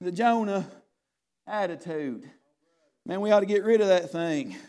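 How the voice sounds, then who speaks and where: Man, very high voice, fiery preacher, shouted sermon, folksy repeated asides. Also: animated, measured pace. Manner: emphatic, often shouted preaching with repeated "hey" and "I tell you what".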